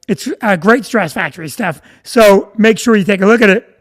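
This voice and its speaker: Rambling New comedian on a live stream. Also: male voice, high voice, normal speed. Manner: rambling, stops to greet viewers by name. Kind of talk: casual storytelling to viewers.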